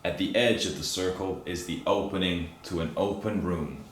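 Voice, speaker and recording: Low-voiced man describing in an echoey, noisy room. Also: moderate pace. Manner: plain, matter-of-fact narration. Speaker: audio describer. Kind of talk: live audio description. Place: indoor home room. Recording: echoey room with loud noise.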